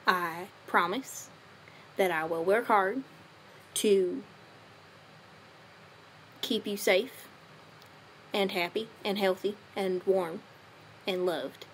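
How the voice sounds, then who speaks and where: A woman's voice: medium pitch, slow, long pauses, a bit bright, a little hiss or hum. A woman voicing a doting, stereotypical Southern father with a put-on Southern accent, giving earnest, tender affirmations. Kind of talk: comedic affirmation monologue.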